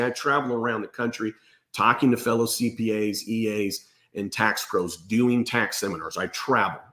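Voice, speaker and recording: A man's voice: on the low side, fairly bright tone. Blunt, emphatic male accountant. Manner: emphatic and blunt, repeats "okay?". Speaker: host and accountant. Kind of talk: direct-to-camera tax advice.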